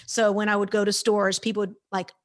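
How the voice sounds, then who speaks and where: A woman in her fifties tells her story as a guest in an interview. She talks with emphasis and energy, and she plays out what others said. Her voice sits at an ordinary pitch for a woman. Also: brisk. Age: 50s. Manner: energetic, emphatic storyteller who acts out quoted lines. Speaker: guest speaker.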